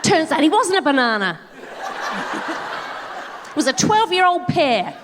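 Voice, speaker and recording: Woman comedy co-host, live, dry quick one-liners, expressive pitch. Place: large theatre stage. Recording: live theatre with audience noise. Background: audience laughter.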